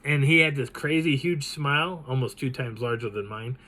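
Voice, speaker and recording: A man recounts a personal encounter for his channel. He tells it dramatically and with animation, and his voice sits at a plain middle pitch. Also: normal speed, poor audio. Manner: animated, dramatic retelling with laughs. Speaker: channel host. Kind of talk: telling a personal encounter story.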